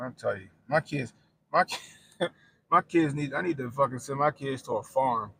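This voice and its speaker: A man's voice: medium pitch, moderate pace, gravelly, a bit bright, slight background noise. A middle-aged man chatting casually on a stream, telling blunt, profane stories and laughing often. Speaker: streamer and commentator. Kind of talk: casual profane livestream chat.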